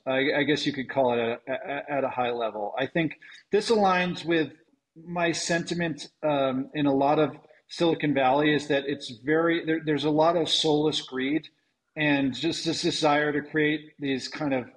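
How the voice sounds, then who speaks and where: A man, a venture investor, answering interview questions in a halting, thoughtful way with many ums and restarts. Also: a little high, fairly even intonation, poor audio.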